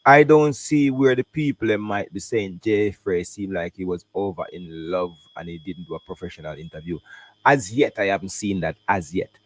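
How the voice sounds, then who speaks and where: A Jamaican man hosting a casual reaction stream, talking in patois and English with animated commentary. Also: sits low, moderate pace. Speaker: host reacting to an interview.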